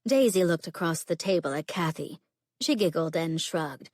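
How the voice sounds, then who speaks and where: A woman's voice: low voice, expressive, moderate pace, darkish tone, no room sound, studio quality. A woman narrating a contemporary romance audiobook, reading steadily and drawling the characters' lines. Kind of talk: scripted narration.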